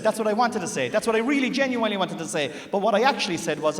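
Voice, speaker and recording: A man's voice: sits high, expressive, fairly quick, far from the mic, a loud crowd. A man in his thirties with a Cork Irish accent, telling a stand-up story to a live audience and acting out both sides of a conversation. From Ireland. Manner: chatty storytelling with acted-out dialogue. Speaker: stand-up comedian. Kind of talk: stand-up comedy. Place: large theatre stage with live audience. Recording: echoey theatre with long reverb. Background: audience laughter.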